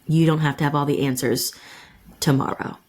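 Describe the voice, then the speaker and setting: A woman's voice: deep voice, fairly even intonation, moderate pace, a little mellow. A woman guest on a podcast, a caregiver speaking candidly and reflectively about her experience. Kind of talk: podcast interview.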